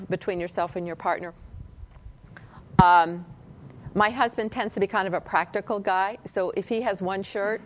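A woman's voice: medium pitch, slight background noise, poor audio. A woman leading a relationship workshop, chatting and asking her audience questions. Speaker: workshop leader. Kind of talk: teaching a relationship class.

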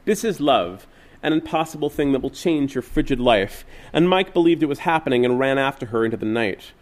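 A man reading literary fiction aloud in a measured, wistful way. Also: mid-range voice, animated. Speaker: reader.

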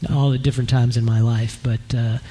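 A man chats onstage as a screenwriter guest, relaxed and anecdotal, often restarting his sentences. His voice is mellow and husky. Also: medium pitch, brisk. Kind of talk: casual onstage conversation.

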